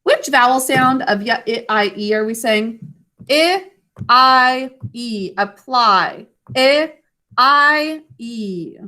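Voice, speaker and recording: Bright, slow-spoken woman teacher. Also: high voice. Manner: slow, clear and encouraging, sounding words out. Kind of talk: online spelling and grammar lesson. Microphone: video call.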